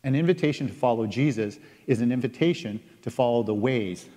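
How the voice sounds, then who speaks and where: A man delivers a sermon in an earnest, deliberate manner, pausing to stress key phrases as he reads scripture. His voice sits at a middle pitch. A long reverb from a large church hall trails every word. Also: warm tone. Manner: earnest, reads scripture aloud with emphatic pauses. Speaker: pastor.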